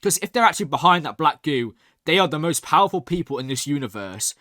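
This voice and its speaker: Young male reaction host, excitable and rambling, slightly high-pitched, dry room. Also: fast, no echo. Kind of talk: casual recap and review.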